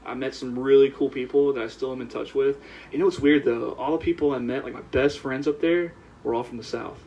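Gravelly Southern man telling stories. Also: mid-range voice, a little fast. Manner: animated storyteller, laughs while telling anecdotes. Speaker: podcast guest. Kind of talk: casual storytelling chat. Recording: slightly dull, lo-fi sound.

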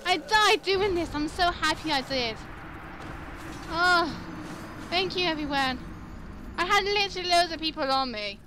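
A young woman commenting chattily on her own gameplay, quick to exclaim and laugh. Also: very high-pitched, animated, background noise. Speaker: gamer. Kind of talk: let's play commentary.

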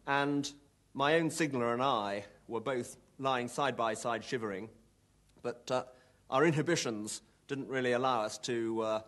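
A man, a former company commander, recounting a battle in a measured, understated documentary interview with a dry touch. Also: medium pitch, a bit bright.

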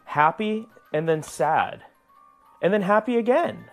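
A man's voice: sits high, lively intonation, unhurried, soft background music. Jumpy ghost-hunting man coaxing a spirit. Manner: soothing, reassuring talk to an unseen spirit; jumpy, startled outbursts. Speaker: paranormal investigator. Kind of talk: ghost-hunting vlog commentary. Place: indoors in an old house at night.

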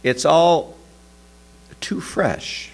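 A man voicing a grieving, resentful woman in a sermon story, doubtful and heavy, with a lowered, gravelly voice. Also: drawn-out words, a little mellow, heavily acted. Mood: bitter.

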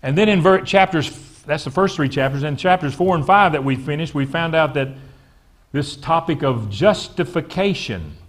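Pastor preaching with call-and-response. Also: male voice, fairly high pitch, lively intonation, moderate pace. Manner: preaches with call-and-response to the congregation, repeats words. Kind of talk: sermon. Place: church sanctuary.

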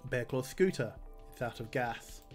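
A man's voice: medium pitch, expressive, measured pace, soft background music. A man streaming a game, reading item text aloud with dry jokes and plenty of fillers. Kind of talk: game livestream commentary.

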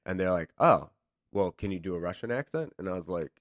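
A man's voice: sits low, brisk, dry recording. A man, an actor guest on a radio show, telling stories casually and acting out the voices of the people in them. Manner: animated, acts out quoted voices. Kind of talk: casual storytelling.

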